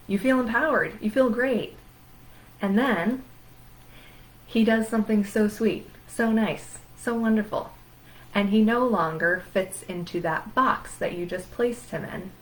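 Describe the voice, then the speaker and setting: A woman's voice: medium pitch, measured pace, poor audio. A woman therapist giving an educational talk on anxiety, speaking emphatically and listing words in rhythmic runs.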